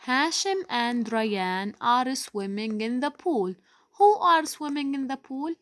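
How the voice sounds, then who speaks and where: Slow-speaking woman teacher, patient. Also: high voice, lively intonation, a bit bright, no room sound. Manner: drawn-out emphasis on key words, patient. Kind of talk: slow, deliberate classroom explanation.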